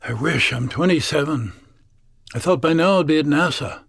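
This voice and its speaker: A man's voice: a little high, moderate pace, vocal fry, a bit bright, breathy edge, dry recording, clean studio sound, full character voice. A man voicing an earnest, matter-of-fact young woman in her late twenties, an engineering student, in a told story.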